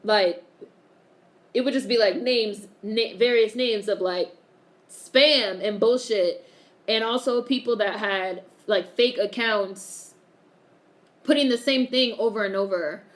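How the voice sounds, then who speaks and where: A woman's voice: medium pitch, slow pace. A woman hosting a casual live stream, chatting and reading viewer comments aloud, swearing freely and laughing often.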